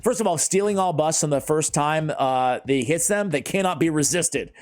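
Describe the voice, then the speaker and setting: A man's voice: fairly high pitch, expressive, normal speed. A man hosting a casual gaming chat, rambling with lots of fillers and laughing often. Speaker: YouTube gaming channel host.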